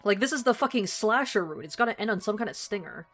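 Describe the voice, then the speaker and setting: A woman's voice: mid-range voice, animated, fast talker, hardly any pauses, fairly bright tone, faint music behind. A woman streaming a game live, chatting casually with a co-player, swearing often and laughing easily.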